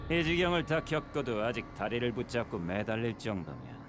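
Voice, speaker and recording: A man's voice: mid-range voice, sing-song, rapid-fire, natural voice. An actor playing a mocking male villain in a video game, with a taunting, sneering delivery. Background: game music.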